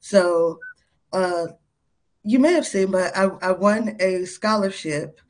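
Podcast guest: young woman, lively storyteller who laughs easily. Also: mid-range voice, slow pace. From North Carolina, USA. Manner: animated, laughs often, many fillers. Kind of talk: casual interview storytelling.

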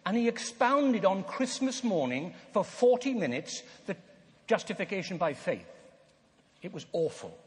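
An older man preaching a sermon, earnest and emphatic, with slow dramatic pauses. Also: high voice, very animated. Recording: long hall reverb.

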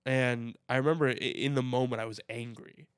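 A young man co-hosting a podcast, speaking in a reflective, halting way with frequent restarts. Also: mid-range voice, steady tone, clear, resonant tone, dry recording, clean studio sound. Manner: reflective, halting with repeated starts. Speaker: podcast co-host. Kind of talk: casual chat.

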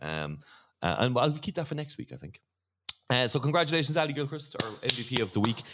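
Laughing Irish man with lively pitch. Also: quick pace, heavy background noise. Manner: rambling, laughing, restarts often. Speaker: podcast host. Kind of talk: casual chat.

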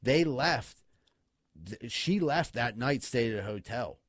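A podcast co-host with a medium-pitched, slow voice spins a rowdy story on a casual podcast, swearing freely, getting worked up, and laughing his way through it. The sound is dry and close, with no room echo.

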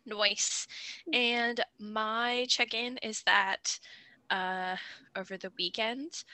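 A woman's voice: fairly high pitch, steady tone, very slow, sharp tone, no echo. A woman co-hosting a podcast in casual chat, an enthusiastic and giggly storyteller. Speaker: podcast co-host.

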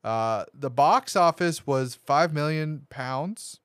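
A man's voice: on the high side, takes it slowly, a bit bright, clean tone, no room sound, studio quality. A man hosting a casual movie podcast, rambling through his notes with lots of fillers and restarts. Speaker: podcast host.

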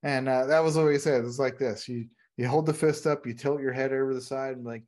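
A man telling an animated story as a podcast guest. He is a retired Navy veteran who laughs and acts out the people he quotes. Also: medium pitch, fairly quick. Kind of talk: casual storytelling.

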